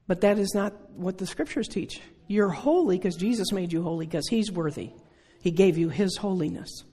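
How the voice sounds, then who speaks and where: Husky-voiced older preacher in a reverberant hall. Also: medium pitch, normal speed, mellow. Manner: earnest, conversational preaching with rhetorical questions. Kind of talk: sermon. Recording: long reverb of a large hall.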